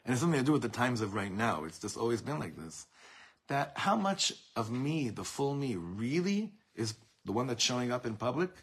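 A man's voice: mid-range voice, sing-song, a little fast, husky. A man teaching a Torah class to a room of students, talking it through with many restarts and quoting Hebrew texts. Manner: warm, searching delivery with many restarts and Hebrew quotes.

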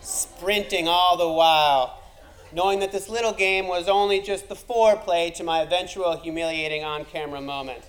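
A man's voice: high voice, steady tone, moderate pace, rough recording. A man telling a comic personal story, wry and self-deprecating, building to punchlines.

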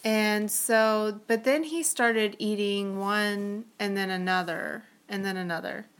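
A woman's voice: mid-range voice, slow pace, fairly bright tone, clear, resonant tone. Chatty woman podcast co-host. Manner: chatty, with many fillers and giggles. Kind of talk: casual storytelling chat.

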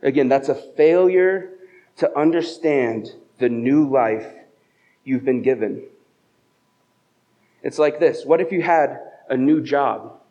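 A man's voice: mid-range voice, a little mellow. A male pastor giving a conversational sermon at a church service, telling stories and asking rhetorical questions. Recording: dull, muffled lo-fi sound.

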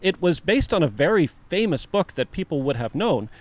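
A man's voice: on the high side, sing-song, moderate pace, a little hiss or hum. Man explaining things like a lecturer. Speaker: podcast co-host. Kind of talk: casual chat.

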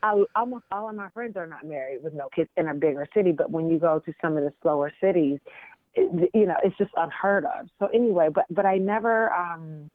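A woman talks as a guest, chatty and animated, often restarting her sentences. Her voice comes through a thin, tinny phone line with a dry sound. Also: on the low side, fairly quick, no echo. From American South. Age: 40s. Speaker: interview guest. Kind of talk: casual storytelling chat.

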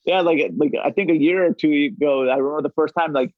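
A man's voice: a little high, fast, no echo. Laid-back male guest, dull lo-fi sound. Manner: laid-back, chuckles often. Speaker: podcast guest, bar manager. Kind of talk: casual interview chat.

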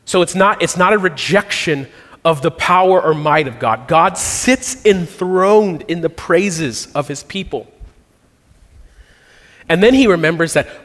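A man preaching a sermon, earnest and reflective, pausing and restarting as he works through a psalm. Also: a little high, lively intonation, a bit bright. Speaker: pastor. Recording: long reverb of a large hall.

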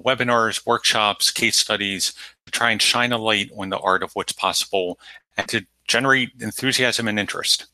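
Man, interview guest; low, bright, dry-miked voice, methodical and orderly in his answers. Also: no echo, poor audio. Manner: measured, methodical, lays points out in numbered pillars. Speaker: guest, technology lead at an aid organization.

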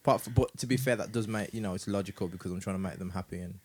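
A man's voice: deep voice, rapid-fire, a little mellow, husky. A man, co-hosting a casual podcast chat and explaining things at ease, with a sore back. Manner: laid-back, explains fitness with fillers. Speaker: podcast co-host.

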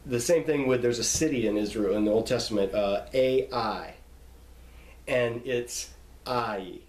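A man teaches in a relaxed lecture, slowing down to spell out names and repeat the key points. His voice sits at an ordinary middle pitch. The sound carries a noticeable room echo. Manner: patient, repeats and spells out words. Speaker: Bible teacher. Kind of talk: informal classroom lecture. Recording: echoey room.

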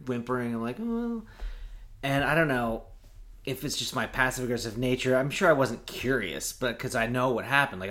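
A man's voice: mid-range voice, a bit bright. A man co-hosting a podcast, telling a childhood story in casual chat, acting out quotes and laughing often. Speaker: podcast co-host.

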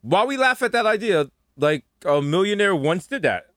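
A man's voice: high-pitched, very animated, normal speed, fairly bright tone, no echo, clean studio sound. A man co-hosting a comedic casual chat, riffing animatedly and slipping into mock directing bits. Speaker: podcast co-host.

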